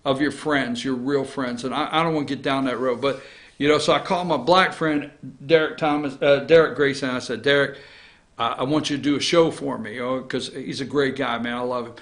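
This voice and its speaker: Bright-voiced, blunt talk-show man. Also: medium pitch, fairly even intonation, a little fast. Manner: blunt, sarcastic, rambling. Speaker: host. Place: office studio.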